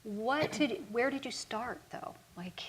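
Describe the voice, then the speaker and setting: A woman's voice: on the high side, animated, slow pace. A woman hosting a TV talk show, encouraging her guest with frequent affirmations and follow-up questions. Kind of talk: TV talk interview.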